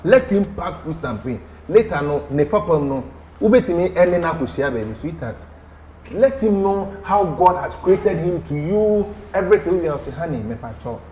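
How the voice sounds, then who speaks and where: Ghanaian man, talk panelist, high-ish and very lively pitch, preachy, roomy studio. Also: normal speed, slight background noise. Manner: emphatic, preachy advice-giving. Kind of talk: talk show discussion.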